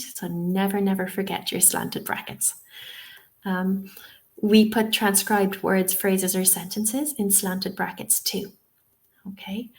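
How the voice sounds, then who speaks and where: A woman leading an online lesson as a teacher trainer, explaining patiently and often checking in with "okay?". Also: medium pitch. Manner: reassuring, frequent "um" and "okay?" check-ins. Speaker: TEFL trainer. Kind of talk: webinar lesson.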